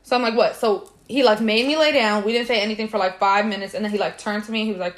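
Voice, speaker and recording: A woman's voice: medium pitch, quick pace. A young woman co-hosting a podcast, chatting casually and acting out the people in her stories with slang. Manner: animated storyteller, acts out quotes, slangy. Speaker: podcast co-host. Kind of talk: casual chat.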